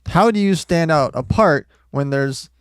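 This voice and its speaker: A man hosting a podcast, asking quick, probing interview questions. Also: a little high, lively intonation, clean tone, no echo, studio quality. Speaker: podcast host.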